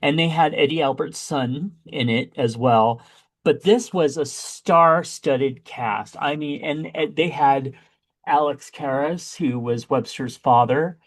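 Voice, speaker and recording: Guy on a podcast recapping a cheesy movie, kinda high voice, gets all squeaky when excited. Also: slow. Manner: animated, jumps way up in pitch when exclaiming. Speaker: podcast co-host. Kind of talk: casual chat reviewing a movie.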